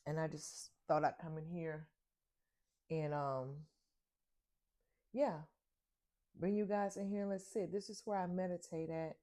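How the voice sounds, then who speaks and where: A woman's voice: lowish voice, measured pace, long pauses, warm tone. An older woman, a grandmother, chatting casually through her morning chores at home. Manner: chatty, talks to herself while doing chores. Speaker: vlogger. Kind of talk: casual morning vlog narration. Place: home kitchen.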